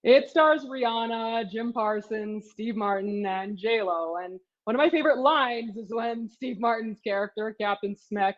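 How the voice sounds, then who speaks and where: A woman's voice: mid-range voice, a little slow. A middle-aged professor and author giving a casual slide presentation of her course materials, talking chattily with many fillers. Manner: chatty, many fillers like "you know" and "sort of". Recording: slightly dull lo-fi audio.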